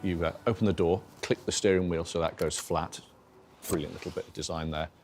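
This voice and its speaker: Deep-voiced wry man. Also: fairly even intonation, brisk, a little mellow. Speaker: expert commentator. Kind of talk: interview comments. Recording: music bed under voice.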